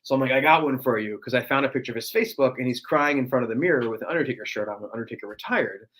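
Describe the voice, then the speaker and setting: A man's voice: mid-range voice, very fast, fairly bright tone, low-quality recording. A young man guest chatting casually on a podcast, often slipping into a brash, growly wrestler-impression drawl. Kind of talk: casual interview chat.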